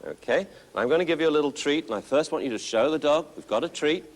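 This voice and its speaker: Lively upbeat man coaching a puppy class. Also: fairly high pitch, quick pace. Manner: upbeat, coaxing, full of encouragement. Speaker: puppy trainer.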